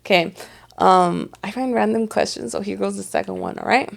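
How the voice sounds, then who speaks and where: A young woman co-hosting a casual podcast chat, animated, laughing and swearing freely. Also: medium pitch, fairly quick, creaky. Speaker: podcast co-host.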